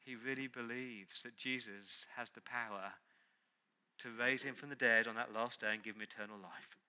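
A man's voice: mid-range voice, fairly even intonation, moderate pace, sharp tone. A man preaching a sermon as pastor, earnest and emphatic, repeating key words.

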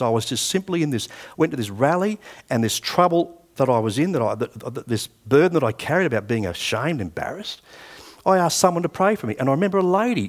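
A man in his sixties with an Australian accent, preaching a sermon and telling personal stories in a conversational way. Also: a little high. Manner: conversational storytelling, acting out past dialogue.

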